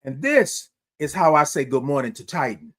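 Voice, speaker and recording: A high-pitched man hosts a morning livestream. He talks in an exuberant, chatty way and now and then breaks into sung greetings. He reads viewer comments aloud and encourages the people listening. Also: very animated, normal speed, fairly bright tone. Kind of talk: casual motivational livestream chat.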